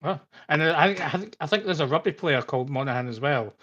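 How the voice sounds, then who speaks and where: A man hosts a casual podcast. His voice sits a little high, and he rambles in a friendly way, often breaking into laughter. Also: expressive, quick pace, lo-fi sound, crowd noise. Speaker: podcast host. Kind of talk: casual chat.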